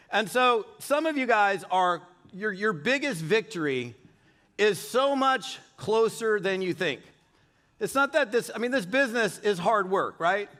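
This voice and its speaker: A man's voice: high-pitched, sharp tone. A middle-aged man giving a live motivational keynote on stage, telling stories energetically and throwing questions to the audience. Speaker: keynote speaker. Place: large event hall on stage.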